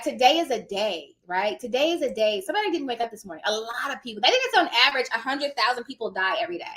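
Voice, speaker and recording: A woman in her thirties, a notary coach, hosts a live stream and gives her viewers emphatic motivational advice directly and casually. Her voice is fairly high, bright, and forceful.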